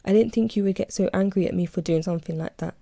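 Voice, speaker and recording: A man's voice: high voice, fast, gravelly, mellow, dry recording. A woman reading aloud as an impulsive male friend, pleading and eager to make amends.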